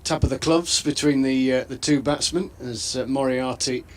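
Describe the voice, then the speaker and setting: A man giving thoughtful, measured live cricket analysis as co-commentator. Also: medium pitch, fairly even intonation.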